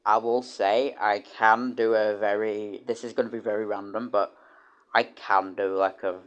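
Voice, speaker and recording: A man's voice: on the low side, little pitch movement, moderate pace, clear, resonant tone. A young British man streaming, chatting casually and rambling with many restarts and casual swearing. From United Kingdom. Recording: dull lo-fi stream audio.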